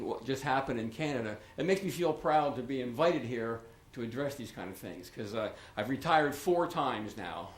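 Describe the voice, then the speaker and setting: An older man, a local author, speaking informally at a township meeting in a rambling, chatty way with many restarts and asides. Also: medium pitch. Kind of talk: informal public remarks at a meeting. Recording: echoey meeting room.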